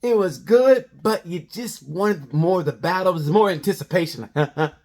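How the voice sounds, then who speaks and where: A man with a slightly higher-than-average voice rambles through a comedic race review. He jumps between tangents in an animated, conversational way. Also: normal speed. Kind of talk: comedic sports review monologue.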